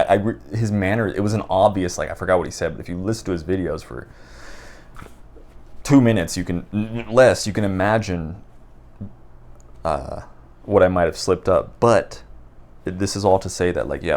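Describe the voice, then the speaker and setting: A man talking off the top of his head in an unedited video, rambling and halting with many restarts. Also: deep voice, darkish tone. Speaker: book vlogger. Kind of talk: unscripted casual talk to camera. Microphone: raw unedited recording.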